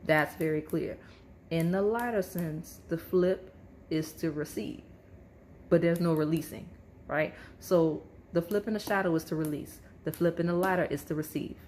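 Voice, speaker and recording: A woman's voice: lowish voice, normal speed, a little mellow, a little hiss or hum. A woman giving a casual pick-a-card tarot reading, speaking straight to the viewer and often checking in with "right?" and "okay?". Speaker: tarot reader.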